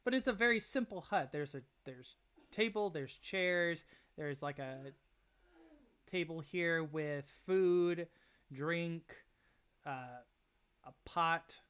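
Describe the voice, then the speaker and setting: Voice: mid-range voice, slow, pauses often, a bit bright, clear, resonant tone. A game master narrating a tabletop game in a hesitant way, leaning on fillers while setting scenes. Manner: hesitant, full of fillers like "kind of".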